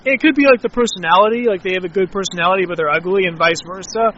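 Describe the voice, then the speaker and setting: A man's voice: high-pitched, rapid-fire, fairly bright tone, dull audio, a little hiss or hum. A man talking casually outdoors, rambling and reflective, with many filler words. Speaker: interviewee.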